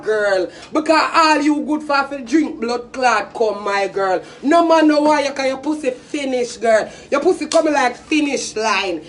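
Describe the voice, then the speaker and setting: A woman's voice: high voice, far from the mic, slight background noise. A Jamaican woman in her twenties, delivering a profane, taunting, confrontational rant straight to camera. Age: 20s. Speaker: social media personality. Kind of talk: angry insult rant to camera.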